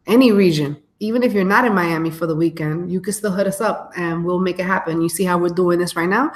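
A woman co-hosts a casual podcast live stream, her voice sitting a little low. She talks in loose, slangy chat and keeps giving shout-outs, speaking into a phone. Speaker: podcast co-host.

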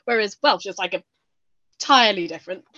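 A woman from the UK co-hosting a podcast, chatting in a lively, jokey way and acting out quoted voices. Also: medium pitch, fast talker, muffled recording. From United Kingdom. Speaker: podcast co-host. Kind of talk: casual chat.

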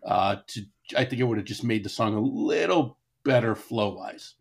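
A man co-hosting a podcast with a husky voice, making quick teasing remarks. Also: mid-range voice, animated. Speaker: podcast co-host. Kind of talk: casual chat.

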